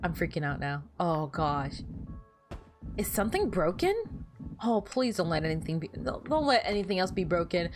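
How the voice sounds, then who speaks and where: A woman streaming a game, chatting casually with viewers in an animated, easily flustered way. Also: on the low side, moderate pace, music in the background. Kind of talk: casual gameplay commentary to chat.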